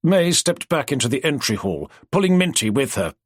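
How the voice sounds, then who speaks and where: A man narrating an audiobook in an expressive storytelling manner. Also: mid-range voice, normal speed, slightly rough, no room sound, studio quality. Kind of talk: scripted narration.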